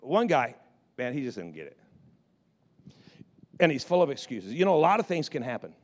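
A male pastor telling a story in his sermon. He is animated and often repeats words and restarts his sentences. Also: mid-range voice, normal speed.

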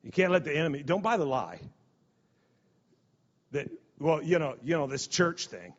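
Pastor guy preaching, highish voice, lots of restarts, dull recording w long hall echo. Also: very animated, normal speed. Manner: repetitive, conversational preaching with many restarts. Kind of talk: sermon.

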